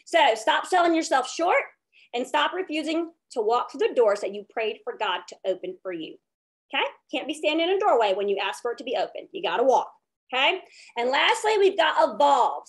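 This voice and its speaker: A woman's voice: high-pitched, a bit bright. A woman giving a motivational leadership talk over a video call, tagging her points with "okay?". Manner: upbeat and preachy, tags lines with "okay?". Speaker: direct sales team leader.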